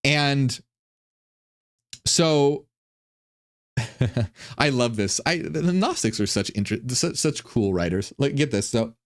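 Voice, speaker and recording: A man giving casual, irreverent commentary on ancient texts, animated and full of stumbling restarts. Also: mid-range voice, slow pace, pauses often. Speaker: online religion commentator.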